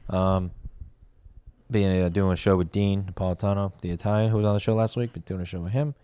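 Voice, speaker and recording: A man's voice: deep voice, fairly even intonation, fairly quick, warm tone, clean tone. A young man in his twenties, a stand-up comedian co-hosting a podcast, bantering crudely and often dropping close to a whisper into the mic. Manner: drops to a near whisper into the mic. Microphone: close studio mic.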